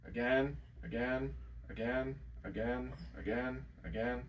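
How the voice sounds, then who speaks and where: A man teaching a drum lesson, counting and scatting the rhythms out loud. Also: mid-range voice, fairly even intonation, slow, muffled recording, slight background noise. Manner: counts and scats rhythms aloud. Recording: far from the mic, drums playing loud.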